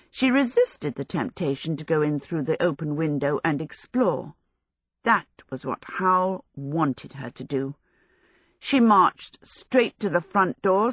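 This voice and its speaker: A woman with a lower-pitched voice narrates a storybook in a measured, expressive way. The recording is dry and close, with no room sound at all. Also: dry recording. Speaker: audiobook narrator.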